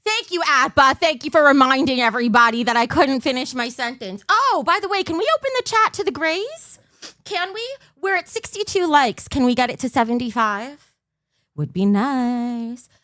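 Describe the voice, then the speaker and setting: A woman streamer chatting to her viewers, overtired and scattered, always losing her thread. Her voice sits a touch high and leaps up and down all over the place. The sound is dry and close, with no room around it. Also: lively intonation, normal speed, pushed and bright, no room sound. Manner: scattered, rambling, loses her train of thought; bursts into a mock auctioneer patter. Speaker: livestream host. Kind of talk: casual livestream chat.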